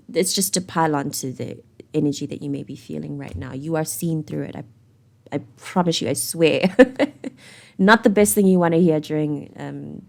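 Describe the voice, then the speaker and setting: Rambling South African woman reading tarot. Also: on the low side. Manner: rambling, candid, swears casually. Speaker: tarot reader.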